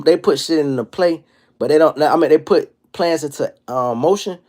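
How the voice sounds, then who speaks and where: A man in his thirties hosting a casual livestream monologue, telling stories in an animated, profane street style. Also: a little high, normal speed. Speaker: livestream host.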